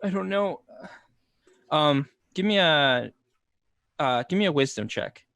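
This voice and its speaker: A man narrating a tabletop game as game master in a loose, halting way. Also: a little high, lively intonation, vocal fry, a bit bright, clean tone, no room sound.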